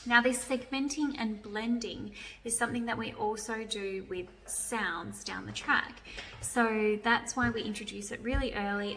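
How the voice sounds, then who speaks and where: A woman's voice: mid-range voice, a bit bright. A young adult woman, a literacy educator patiently explaining a classroom activity step by step with examples. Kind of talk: instructional video demonstration. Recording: echoey room, voice from a distance, faint noise.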